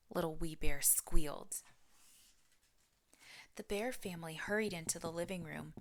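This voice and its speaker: A woman teacher reading a picture book aloud, expressive and often dropping to a whisper. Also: lowish voice, measured pace, long pauses.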